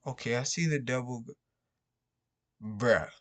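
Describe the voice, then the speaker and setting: A man's voice: medium pitch, unhurried. A man who wholesales real estate, venting to the camera in a casual, profane way and ending nearly every phrase with "bro". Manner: frustrated, repetitive, peppers every phrase with "bro".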